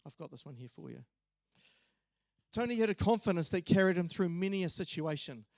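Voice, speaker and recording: A man delivers a memorial eulogy in a church, telling stories conversationally with small hesitations. His voice sits high for a man. The recording is dry and close, with little room sound. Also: expressive, fairly quick, a little mellow, dry recording. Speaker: eulogy speaker.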